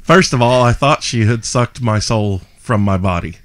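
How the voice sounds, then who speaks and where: A man's voice: mid-range voice, moderate pace, fairly bright tone, slight background noise. A young man, a podcast host, telling a story animatedly with frequent laughter and self-mocking asides. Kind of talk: casual storytelling.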